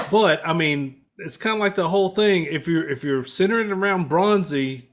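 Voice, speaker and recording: A man's voice: fairly high pitch, animated, moderate pace, hardly any pauses. Chatty, agreeable man co-hosting. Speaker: podcast co-host. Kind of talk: casual chat.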